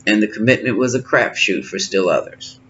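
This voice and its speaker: A man doing a tarot card reading, musing and thinking aloud with pauses, recorded at home. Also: lowish voice, lively intonation, fairly bright tone. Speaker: tarot reader. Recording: slightly dull lo-fi sound with faint noise.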